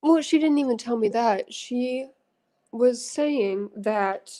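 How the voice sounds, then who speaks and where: A woman who has joined a livestream as a guest, talking calmly and hedging with fillers. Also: fairly high pitch, takes it slowly. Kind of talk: casual call-in chat.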